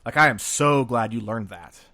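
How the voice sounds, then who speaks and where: A man's voice: mid-range voice, normal speed, bright, forceful tone, no room sound. A man hosting a podcast interview, cutting in with short affirming remarks. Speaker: podcast host.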